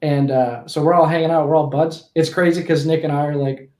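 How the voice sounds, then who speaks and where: Young guy in his 20s telling a long story, kinda high voice, trips over his words and restarts a lot, roomy echo. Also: fairly even intonation, brisk, a little mellow. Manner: rambling, with frequent restarts and self-corrections. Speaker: podcast guest. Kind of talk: casual storytelling in a conversation.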